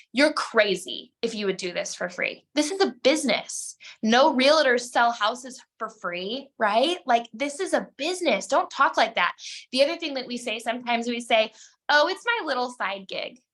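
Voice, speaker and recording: A woman's voice: on the high side, lively intonation, moderate pace, fairly bright tone. A woman coaching her team on a video call, direct and emphatic, speaking straight to her listeners. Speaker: network marketing team coach. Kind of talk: motivational team call talk.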